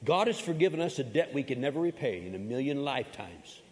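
A man's voice: medium pitch, very animated, quick pace, a little mellow. Emphatic male pastor in a reverberant hall. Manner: emphatic, repeats key phrases, folksy humorous asides. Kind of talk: sermon. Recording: long reverb of a large hall.

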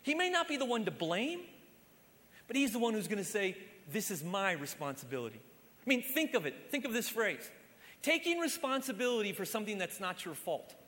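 A man preaching a sermon as pastor, impassioned and swinging between loud emphasis and hushed lines. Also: very high voice, big pitch swings, normal speed. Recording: long hall reverb.

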